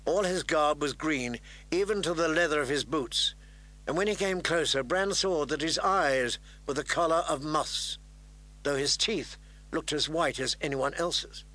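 A male narrator reads a fantasy novel aloud in a measured, steady way. His voice sits a bit high for a man and rings bright and clear. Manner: measured, even storytelling. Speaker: audiobook narrator.

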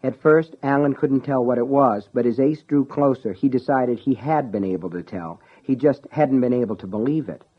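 A man's voice: medium pitch, moderate pace, few pauses, husky. Man narrating a story on a tinny line. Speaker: audiobook narrator. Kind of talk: scripted narration.

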